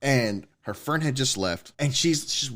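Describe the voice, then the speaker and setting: A man, a podcast co-host telling a personal story in casual chat, swearing often and getting excited. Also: medium pitch, a little slow. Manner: animated, swears a lot, rising excitement.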